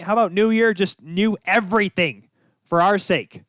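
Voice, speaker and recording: A young man hosts a sports podcast on his own, rambling and thinking out loud, his voice leaping upward whenever he gets excited. His voice sits a touch high and sounds smooth and resonant. The recording is dry, with no room sound. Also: normal speed, dry recording. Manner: rambling, thinks aloud, pitch jumps up when excited. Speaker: podcast host. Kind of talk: solo sports podcast talk.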